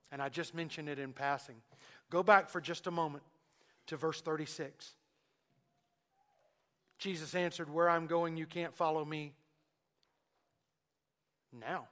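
A man delivers a sermon in a slightly high voice, alternating between loud emphasis and quiet asides. He acts out the quoted words of Jesus and Peter.

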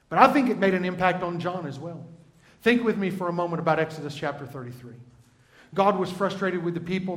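A man preaching a sermon, talking in a conversational way and turning often to the congregation. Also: on the high side. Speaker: pastor. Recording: roomy echo.

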